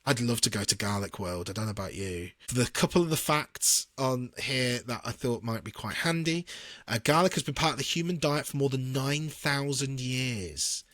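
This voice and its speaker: A man's voice: mid-range voice, normal speed, a bit bright, no room sound. A British man co-hosting a casual podcast, chatty and often laughing as he reads out facts. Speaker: podcast co-host. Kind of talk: casual chat.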